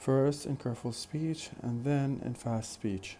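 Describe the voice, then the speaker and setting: A man teaching a phonetics lesson in a slow, deliberate way, repeating example questions. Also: medium pitch, dark tone, slight background noise. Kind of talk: recorded lecture.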